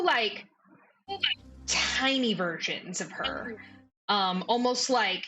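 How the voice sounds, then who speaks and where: A woman's voice: medium pitch, lively intonation, extremely slow, long pauses, pushed and bright, a little hiss or hum, low-quality recording. A young adult woman narrating as game master in a casual way, full of "like" fillers.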